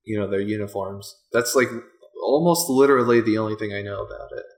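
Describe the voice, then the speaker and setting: Chill co-host dude, lowish voice, dry self-roasting jokes. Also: male voice, a little fast. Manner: dry, self-deprecating, laughs often. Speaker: podcast co-host. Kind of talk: casual chat.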